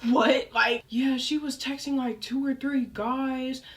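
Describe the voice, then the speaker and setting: A young woman with a fairly high voice tells a personal story in a loose, chatty way. She leans on fillers and animated asides. She sits a little back from the mic. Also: slow pace, recorded from a distance. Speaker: storyteller vlogger. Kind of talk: casual storytime chat.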